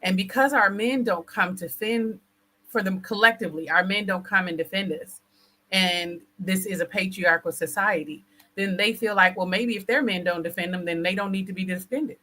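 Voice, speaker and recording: A woman leads a casual conversation, her voice bright and forceful. She speaks bluntly and deliberately, pressing each point with assertive conviction. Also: medium pitch, rough recording.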